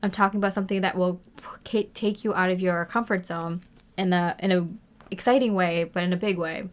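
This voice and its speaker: A woman's voice: on the low side, fairly even intonation, fairly quick. A woman giving a casual tarot reading to her viewers, chatty and rambling, with many fillers and frequent laughs. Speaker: tarot reader.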